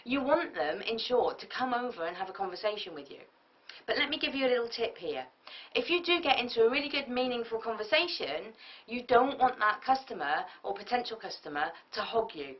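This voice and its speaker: A woman giving a business tutorial, lively and often acting out example speakers. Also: on the high side, brisk. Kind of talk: tutorial lecture. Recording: muffled lo-fi audio from a distance.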